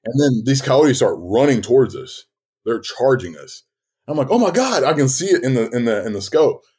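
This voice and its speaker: Podcast co-host, male, husky lively storyteller, casual and profane. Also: medium pitch, moderate pace. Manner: animated, swearing, acts out quotes.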